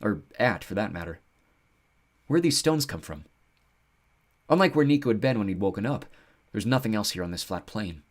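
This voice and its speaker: A man narrating an audiobook with an expressive storytelling delivery. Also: on the low side, moderate pace, long pauses.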